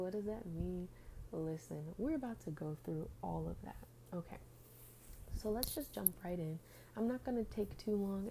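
Groggy, mellow-voiced woman podcast host. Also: lowish voice, slight background noise, low-quality recording. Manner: rambling, chatty with fillers and restarts. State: groggy, just up. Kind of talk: casual faith podcast chat.

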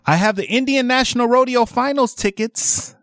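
A man hosting a radio shopping call-in show, energetic and laughing often as he pushes deals to callers. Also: very high-pitched, normal speed, no room sound, studio quality. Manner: energetic, laughs often, animated sales patter. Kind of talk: lively radio call-in selling. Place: radio studio.

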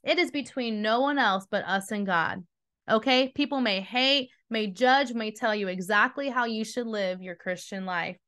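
A woman's voice: on the high side, normal speed, a bit bright. A woman hosting a devotional teaching, earnest and emphatic, speaking straight to her listeners. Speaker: podcast host and Bible teacher.

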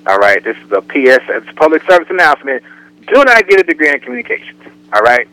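A man's voice: a little high, quick pace, clear, resonant tone, no echo, low-quality recording. A man co-hosting a casual radio talk show, telling jokes and acting out the way people talk. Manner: joking storyteller, animated impressions.

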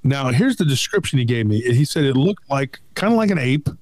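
A middle-aged man in casual conversation, retelling a story with lively acted-out quotes. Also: mid-range voice, brisk, no room sound. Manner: animated retelling, acts out quoted voices.

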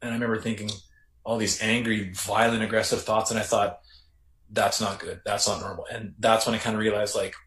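A Canadian man, a former correctional officer, recounting his story in a reflective, halting way with many restarts. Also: on the low side, level tone, fairly bright tone. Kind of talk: casual storytelling interview. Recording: roomy echo.

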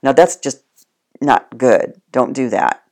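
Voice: mid-range voice, lively intonation, takes it slowly, a little mellow. A dog trainer giving casual spoken instruction, plain-spoken and addressing the listener directly.

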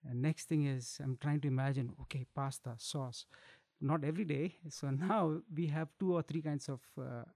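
Gravelly-voiced chatty man chef. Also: a little high, steady tone, moderate pace, a little mellow, dry recording. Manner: chatty, laughs often, restarts phrases. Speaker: chef and food business owner. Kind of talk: casual interview chat.

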